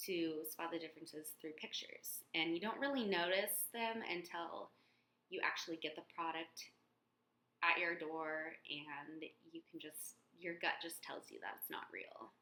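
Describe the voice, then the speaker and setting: A young woman in a casual beauty vlog, talking in a halting way with many fillers and restarts. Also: lowish voice, bright, forceful tone. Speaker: beauty vlogger. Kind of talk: casual product comparison vlog. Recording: echoey room.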